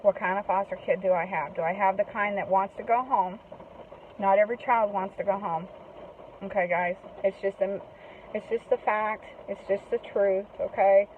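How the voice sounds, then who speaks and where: A woman's voice: mid-range voice, fairly even intonation, normal speed, a little hiss or hum. Earnest woman on tinny phone-like audio. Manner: earnest, repeats "okay?" and "guys". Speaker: host giving advice to foster parents. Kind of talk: casual direct-to-camera talk.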